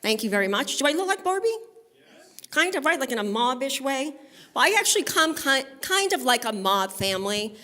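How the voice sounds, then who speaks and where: This Brooklyn native's voice is high, sing-song, brisk, pushed, and bright. She's doing a stand-up set on a live music studio stage, keeping it conversational and trading banter with the crowd.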